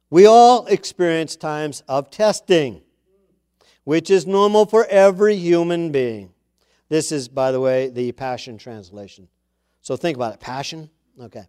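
A man's voice: fairly high pitch, unhurried, pauses often, a little mellow, clean tone. A man preaching a sermon to his congregation in a conversational way, with chatty asides and emphatic repeats of key words. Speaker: pastor.

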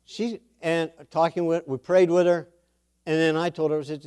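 A man preaches a sermon and shares a testimony in an animated way, quoting dialogue and throwing in emphatic exclamations. His voice is on the high side and smooth, at a moderate pace.

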